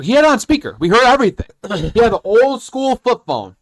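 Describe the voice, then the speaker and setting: A man's voice: extremely high pitch, quick pace. A young man co-hosting a casual podcast, animatedly telling a work story between laughs and acting out the people in it. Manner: animated, laughing, acts out quotes in voices. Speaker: podcast co-host.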